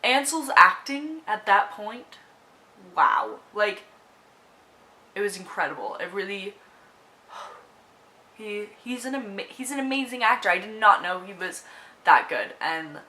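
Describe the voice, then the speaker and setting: Young female book vlogger, bright and emotional, on the edge of tears, rambling with fillers. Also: mid-range voice, very animated, a little slow, long pauses, poor audio. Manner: emotional, gushing, many fillers and restarts. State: tearful, on the verge of crying. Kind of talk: casual movie review vlog.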